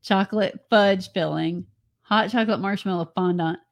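Creaky-voiced chatty woman. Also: medium pitch, fairly even intonation, normal speed. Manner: chatty, laughs easily, teasing. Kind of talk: casual chat.

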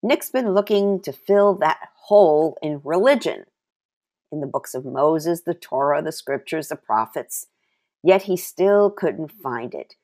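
A woman giving a sermon, reading scripture aloud and sharing her own testimony, slowing down to stress key words. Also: low-pitched, animated, a little mellow. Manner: personal testimony mixed with Bible reading. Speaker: preacher.

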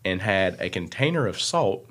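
A man's voice: low voice, big pitch swings, normal speed, a bit bright. Rambling, jokey young man. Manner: rambling, jokey, trails off mid-thought. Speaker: podcast co-host. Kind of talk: casual chat.

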